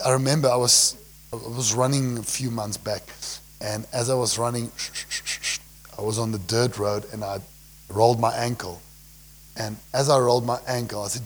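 Young south african pastor preaching, husky voice, gets loud on the verses then drops real quiet. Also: male voice, steady tone, normal speed. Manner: swings between loud scripture calls and soft, low asides. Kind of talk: sermon.

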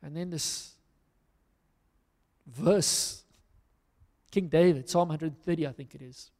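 Preaching in a reverberant hall, a South African man tells stories in a conversational sermon and pokes fun at himself along the way. His voice is somewhat high and darkish, and he speaks slowly.

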